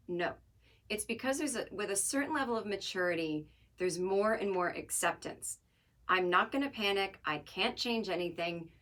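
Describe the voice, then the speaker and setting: A podcast host with a medium-pitched, somewhat bright voice does the show by herself. She rambles casually through a solo monologue, wry and full of jokes.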